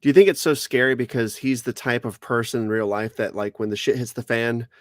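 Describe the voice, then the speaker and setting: A man chatting casually on a podcast, mostly quiet and agreeable, with short replies. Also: mid-range voice, steady tone, a little fast, no room sound, clean studio sound. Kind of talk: casual chat.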